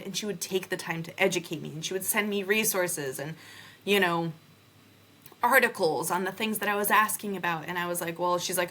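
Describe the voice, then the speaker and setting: A young adult woman hosting a podcast, telling a personal story in an animated way and acting out the conversations she quotes. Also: mid-range voice, a little fast. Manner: animated, acts out quoted dialogue. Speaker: podcast host.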